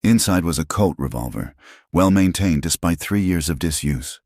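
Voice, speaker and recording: A man narrating a western story in a steady, scripted storybook style. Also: sits low, normal speed, no room sound, clean studio sound.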